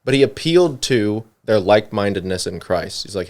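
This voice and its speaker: A young man with a lowish voice chats on a church podcast. He talks in a relaxed, rambling way full of fillers and turns his thoughts into questions for his co-host. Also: brisk, few pauses. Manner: conversational, many fillers, asks questions. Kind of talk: casual podcast discussion.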